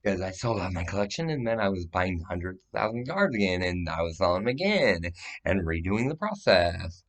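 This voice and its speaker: A man's voice: sits low, sing-song, brisk. A man giving a rambling, profane, agitated monologue that jumps from claim to claim.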